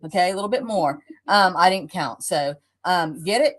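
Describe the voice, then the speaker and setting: A woman hosting a live craft product showcase as the shop owner, brisk and emphatic. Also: on the low side, animated.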